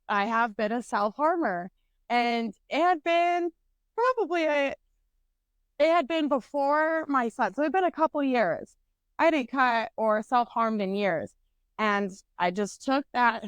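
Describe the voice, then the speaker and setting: Podcast co-host, young woman, high pitch, profane and animated storyteller. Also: clean tone, no room sound. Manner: blunt, swears constantly, animated.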